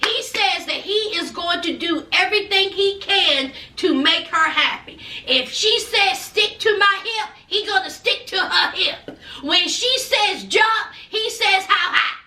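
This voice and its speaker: A woman recapping a reality show in a sassy, animated gossip style, calling her viewers honey and child. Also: very high voice, a little slow, distant mic. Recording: echoey room, away from mic.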